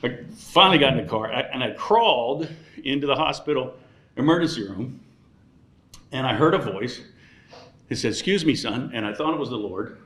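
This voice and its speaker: A man's voice: medium pitch, animated, moderate pace, pauses often, a bit bright, echoey room. A man in his sixties giving a joking dinner speech as emcee, teasing the audience between thank-yous. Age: 60s. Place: large banquet room.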